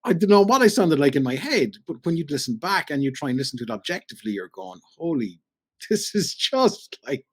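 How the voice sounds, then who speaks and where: A middle-aged man with a Cork Irish accent, a radio broadcaster telling animated anecdotes in a casual chat and acting out the voices he quotes. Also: a little high, fast talker, few pauses. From Ireland. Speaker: podcast guest, radio broadcaster.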